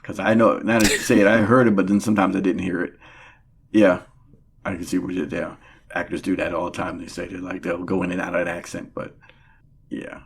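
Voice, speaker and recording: A man's voice: deep voice, little pitch movement, brisk, creaky, a little hiss or hum. A man speaking as a podcast guest, laid-back, often agreeing and trailing off mid-thought. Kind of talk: casual movie review chat.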